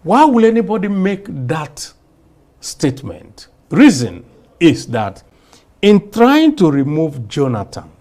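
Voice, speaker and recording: A man giving political commentary in an interview clip, speaking slowly and deliberately. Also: fairly high pitch, wildly swooping pitch, darkish tone.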